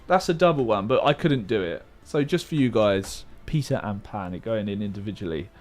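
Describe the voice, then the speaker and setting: A man's voice: medium pitch, big pitch swings, unhurried, a little mellow, faint music behind. A young man streaming a word game live, calling out chat guesses in a hyped play-by-play way like a sports commentator. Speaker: livestreamer.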